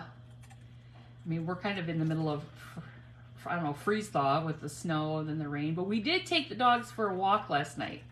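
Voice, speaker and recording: A woman's voice: sits low, lively intonation, unhurried, pauses often, a bit bright, slight background noise. A middle-aged woman hosting a casual crafting livestream, chatting in a rambling way and greeting viewers by name. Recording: roomy home recording with faint ambience.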